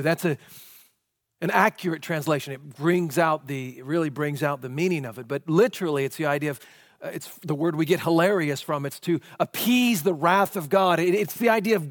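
Brief: male pastor with a high voice, dramatic sermon delivery, dry close sound. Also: fairly quick, no room sound. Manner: dramatic preaching, swinging from loud emphasis to hushed tones; rhetorical questions.

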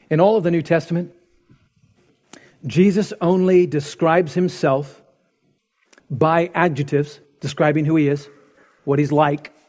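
A man preaching a sermon as pastor, retelling stories dramatically and dropping to hushed intensity. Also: fairly high pitch.

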